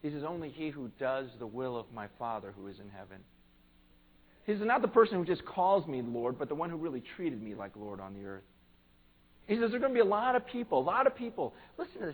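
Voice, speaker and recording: A pastor preaching a conversational sermon in church, earnest and plain-spoken, swelling to emphatic peaks. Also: male voice, fairly high pitch, poor audio.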